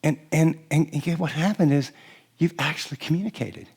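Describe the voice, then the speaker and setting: Animated middle-aged man preaching on marriage. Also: on the high side, brisk, gravelly, slightly rough. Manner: lively, acts out couples' lines, laughs often. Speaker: pastor. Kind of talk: sermon on marriage to a live audience.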